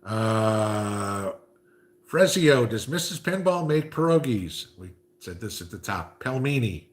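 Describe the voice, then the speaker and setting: A man's voice: lowish voice, sing-song, slow pace. A man hosting a casual livestream, reading viewer comments and chatting, with frequent "okay?" asides. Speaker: livestream host reading chat.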